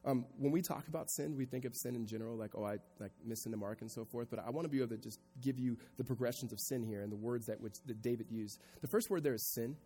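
A male pastor preaching a sermon to a congregation, moving from quiet reflection into loud, emphatic passages. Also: medium pitch, fast talker, few pauses, slightly rough, long reverb tail. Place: church hall with congregation.

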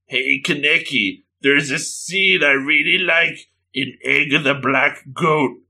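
A man voicing a sadistic, hungry ghoul woman who talks slowly with sweet menace. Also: a little high, sharp tone, exaggerated voice. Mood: creepy. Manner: slow, breathy-sweet menace.

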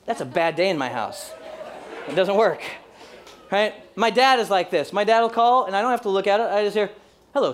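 A man's voice: high-pitched, slight background noise. A man in his forties preaching a sermon as a pastor, conversational and humorous, acting out little everyday scenes.

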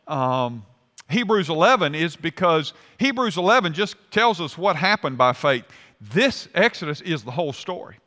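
Animated high-voiced male pastor preaching. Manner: animated, acts out voices of complaining people. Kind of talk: sermon. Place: church sanctuary. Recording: hall reverb.

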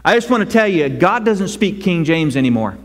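A man preaching a sermon as pastor, conversational and animated, rising to loud cries. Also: high voice, fairly quick. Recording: long hall reverb.

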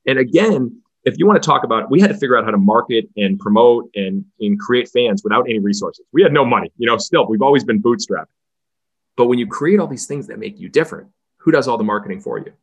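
A man who runs a baseball team, telling stories as a podcast guest in an energetic way that acts out the voices he quotes. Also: medium pitch, fast talker, slightly rough.

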